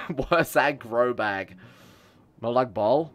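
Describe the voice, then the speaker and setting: A man's voice: medium pitch, expressive, measured pace, a bit bright. Young guy streaming, jokey rambling game chat, faint music under it. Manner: chatty, joking, reacts to chat. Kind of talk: live game commentary.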